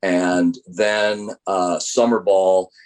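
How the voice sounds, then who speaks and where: Deep-voiced middle-aged male baseball coach. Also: extremely slow. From United States. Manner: animated storyteller acting out quoted dialogue. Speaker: college baseball assistant coach. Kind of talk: interview storytelling.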